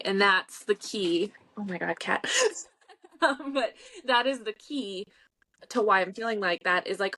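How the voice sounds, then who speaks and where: A woman's voice: medium pitch, lively intonation, measured pace, pushed and bright. Woman in her thirties, talkative author guest who narrates her own inner dialogue. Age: 30s. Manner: chatty, laughing often, speaking in quoted inner dialogue. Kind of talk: casual remote interview.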